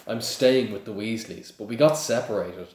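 A man's voice: lowish voice, moderate pace, a little mellow, a little hiss or hum, natural voice. An earnest young wizard schoolboy explains himself in a raised, slightly flustered voice, as a man reads him aloud. The storybook voice rings in an echoey room. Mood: explaining.

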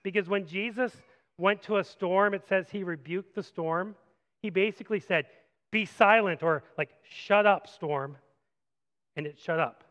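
A man preaching a sermon as pastor, animated, moving from loud acted-out quotes to quiet reflective passages. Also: sits high, normal speed, in a large hall, dull audio. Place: church sanctuary.

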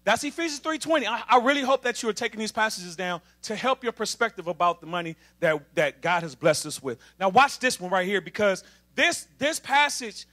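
Man, preacher, very high voice, bright tone, emphatic sermon, call and response. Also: expressive, brisk. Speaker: assistant minister.

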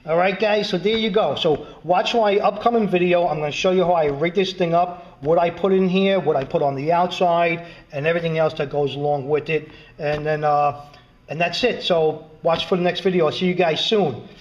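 Casual guy showing off his gear mods, jokey and rambly, kinda high voice, muffled home video sound. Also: steady tone, normal speed. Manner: jokey, rambling, lots of "all right" and "right?". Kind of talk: casual show-and-tell.

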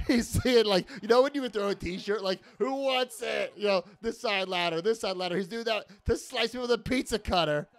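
Excitable man with a high voice reacting to footage. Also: a little fast, few pauses. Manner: excitable, exclaiming, swearing, laughing in disbelief. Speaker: wrestler commenting on his own match. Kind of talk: watch-along commentary.

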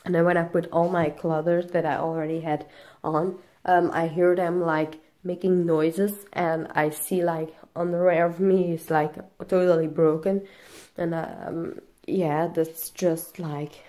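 A young woman, vlogging casually in halting English full of fillers, out of breath and coughing. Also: sits low, level tone, dark tone. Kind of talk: casual vlog.

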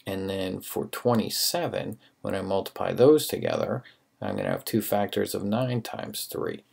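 Gravelly low-voiced math teacher. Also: male voice, sing-song, moderate pace, darkish tone. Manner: casual, encouraging, talks through worked steps. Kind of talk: recorded math lesson.

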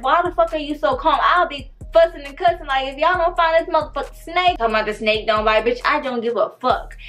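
A young woman, telling a story in a loud, animated, profane way. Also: fairly high pitch. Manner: animated, profane, dramatic retelling. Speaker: storytime vlogger. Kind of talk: casual storytime.

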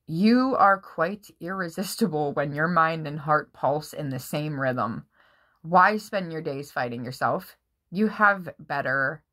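An excitable woman does a casual tarot reading for her viewers. Her voice sits a little low but sounds bright and forceful, and she swears freely and often bursts out laughing. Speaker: tarot reader.

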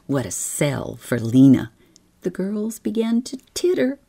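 A woman narrating a bedtime story in a soft, slow, often whispered manner, with a husky, creaky voice. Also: sits low, very animated.

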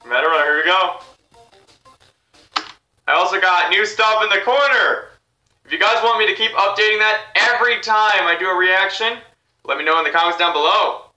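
A man hosting a reaction video, chatting excitedly to viewers. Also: high-pitched, normal speed, pauses often, roomy sound, far from the mic, soft background music. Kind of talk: casual reaction commentary.

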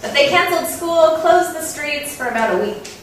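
A young woman gives a casual talk to a live audience, chatty and full of questions for the crowd. Her voice sits a little high. It is picked up from some distance in a very echoey hall with faint noise behind. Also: lively intonation, normal speed. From North Dakota, USA. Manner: chatty, asks the audience questions, laughs often. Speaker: speaker giving a talk. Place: lecture room with audience.

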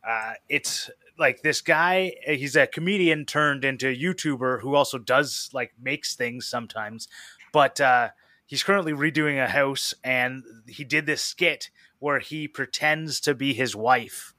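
Bright-voiced man chatting on a podcast. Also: medium pitch, measured pace, dry recording, studio quality. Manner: rambling, laughing recommendations. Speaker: podcast co-host. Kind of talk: casual chat.

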